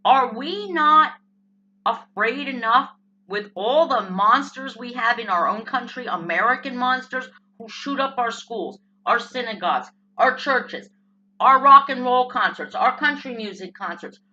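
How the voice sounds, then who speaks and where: A woman's voice: a little high, expressive, measured pace, sharp tone, muffled recording, a little hiss or hum. A woman with a New Jersey accent delivering a blunt, profane comic rant as a political commentator. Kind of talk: ranting comic monologue.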